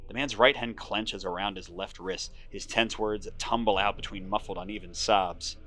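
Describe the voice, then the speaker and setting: Brief: male board game host, lively pitch, dramatic story reading mixed with casual rules chat. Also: brisk, hardly any pauses. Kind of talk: reading story text and explaining game moves.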